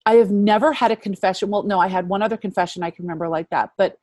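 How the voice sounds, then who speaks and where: A woman in her fifties sharing a personal faith testimony as an interview guest, earnest and reflective, often dropping to a hushed voice. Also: medium pitch, racing, no room sound. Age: 50s.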